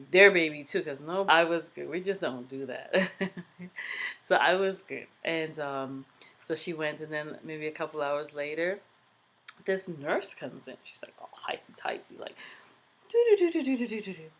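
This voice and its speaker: A woman vlogger recounts a personal story to camera. She talks in a chatty, animated way, wandering into asides, and her voice sits a little low for a woman. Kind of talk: storytime vlog.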